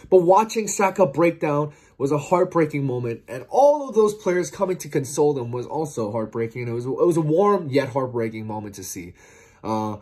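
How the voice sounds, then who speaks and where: A man's voice: a little high, darkish tone, husky. A man giving a heartfelt, earnest post-match reflection to camera as a football vlogger, often stumbling and repeating words. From outside England, watching from across the Atlantic.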